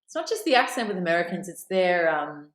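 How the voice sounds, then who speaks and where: Woman, Australian accent, lowish voice, animated storyteller, roomy echo. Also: a little fast. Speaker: actress, guest. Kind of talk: casual interview, anecdote telling.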